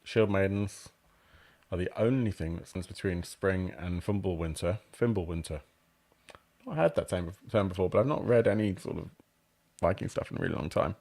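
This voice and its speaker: Low-voiced rambling male game reviewer. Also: lively intonation, brisk, gravelly, a little mellow. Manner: rambling, self-deprecating, many ums and apologies. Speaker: host reviewing crowdfunding games. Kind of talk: casual live-stream commentary.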